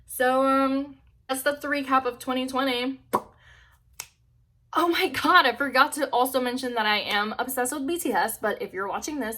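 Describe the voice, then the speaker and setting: A woman's voice: fairly high pitch, fairly bright tone. A young woman sits in her bedroom and talks straight to the camera, recapping her life in an unfiltered, rambling way. She swears freely and fills her sentences with "like," keeping a loose, chatty vlog tone. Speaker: vlogger. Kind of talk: casual chat to camera. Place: bedroom at home.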